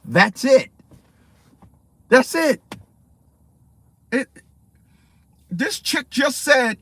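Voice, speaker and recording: A man's voice: very high-pitched, animated, extremely slow, long pauses, pushed and bright, slightly rough, dry recording. A man ranting profanely in a rambling, repetitive commentary vlog. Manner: profane, rambling, repeats himself. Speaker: vlogger.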